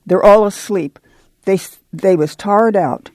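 A man voicing a weary, tender farm mother who speaks softly and coaxingly in rural speech. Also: sits high, a little slow, no echo. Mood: hushed. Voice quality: soft, hushed.

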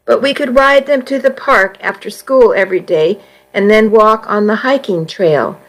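A woman's voice: medium pitch, moderate pace, fairly bright tone, lightly acted, poor audio. A woman voicing an insecure but determined teenage girl who speaks earnestly and sometimes impatiently.

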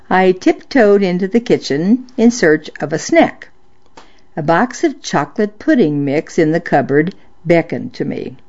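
A woman with a low voice reads old-time stories aloud in a measured, steady narration. The sound is dull and lo-fi, like an old radio recording. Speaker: story reader. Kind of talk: scripted storytelling narration.

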